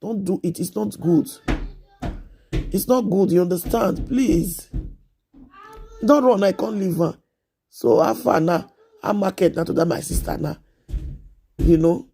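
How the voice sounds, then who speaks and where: Husky Nigerian woman, gravelly and pleading. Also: mid-range voice, a little slow, pauses often, dark tone. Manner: repetitive, pleading, earnest. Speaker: live streamer giving advice. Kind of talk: casual live stream advice talk.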